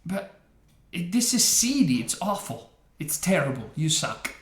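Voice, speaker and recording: Male reaction host, slightly high voice, mocking and opinionated, roomy sound. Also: sing-song, measured pace. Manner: sarcastic, scornful, laughs often. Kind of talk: opinionated game reaction commentary. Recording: roomy echo.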